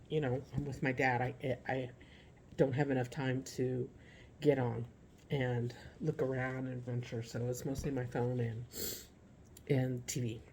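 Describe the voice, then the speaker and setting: A woman giving a casual, heartfelt vlog update from home about caring for her father, talking haltingly with many restarts, teary at times. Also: rumbling low, darkish tone, slight background noise.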